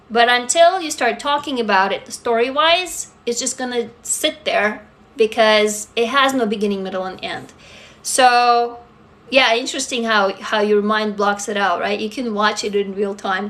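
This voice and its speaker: A woman's voice: on the high side, unhurried, fairly bright tone. A woman in her forties with a faint foreign accent, chatting candidly on a livestream, swearing freely and talking straight to viewers. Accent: foreign, mostly faded. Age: 40s. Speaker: livestream host. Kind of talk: casual live chat answering viewers.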